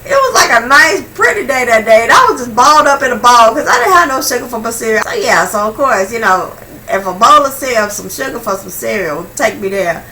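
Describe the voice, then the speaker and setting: A young woman vlogger telling a personal story in a casual, slangy, animated way, swinging between hushed and loud. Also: fairly high pitch, a little fast, distant mic, slight background noise, low-quality recording.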